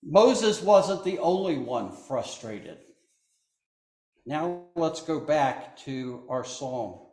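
A man delivers a sermon at a slow, unhurried pace, his voice pitched a little above most men's. He reads scripture and breaks off with asides to his listeners. The sound is roomy, with a noticeable echo around him. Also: lively intonation, a little mellow. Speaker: preacher.

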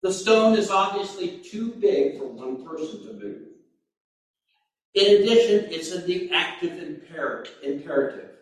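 Male pastor, fairly high voice, slow sermon delivery, very echoey church room, mic set back. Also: expressive, distant mic. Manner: slow, deliberate preaching with sudden emphatic bursts.

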